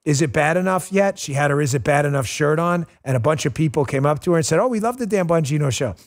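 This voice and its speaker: Middle-aged guy hosting a political show, kinda high voice, fired up and emotional, lots of exclaiming. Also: animated, fast. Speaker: podcast host. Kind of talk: animated political talk show.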